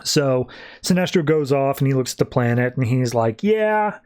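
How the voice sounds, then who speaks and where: A man's voice: medium pitch, fairly even intonation, moderate pace, a little mellow. Casual man recapping comics. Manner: retells scenes loosely, quoting characters with "he's like". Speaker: podcast host.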